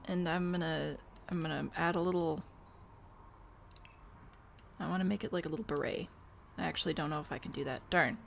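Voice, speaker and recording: A woman's voice: low-pitched, steady tone, fairly quick, gravelly, pauses often, a little hiss or hum. A woman streamer chatting casually while she builds in a game, wry and self-deprecating, answering chat and hiccuping now and then. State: has the hiccups.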